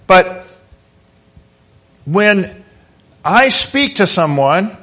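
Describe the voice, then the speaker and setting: Bright, high-voiced male preacher. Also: sing-song, drawn-out words. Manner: conversational, asks the congregation questions. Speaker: pastor. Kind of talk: sermon.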